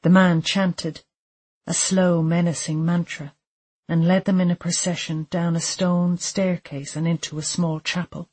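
A woman reading a dark thriller audiobook aloud, measured and deliberate, with quiet tension. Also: on the low side, little pitch movement, breathy edge. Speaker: audiobook narrator. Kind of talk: scripted narration of a dark thriller.

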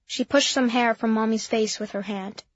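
A woman with a fairly high voice narrates a children's story in a boy's first-person voice. Her telling is simple and earnest, on a dull, dry, lo-fi recording. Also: steady tone, moderate pace, no echo. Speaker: audiobook narrator.

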